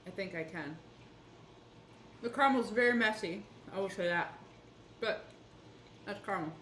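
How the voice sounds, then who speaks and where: Chill woman cohost talking thru the taste test, echoey kitchen, noisy background. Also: mid-range voice. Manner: relaxed, measured, thoughtful comments. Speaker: cooking show co-host. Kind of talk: casual chat while tasting food. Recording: echoey room with background noise.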